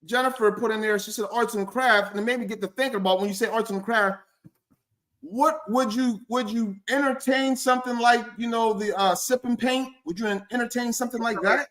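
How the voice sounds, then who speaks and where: A man's voice: very high-pitched, fairly even intonation, fairly quick, fairly bright tone. A man hosting a live stream interview, joking and teasing his guests in playful banter.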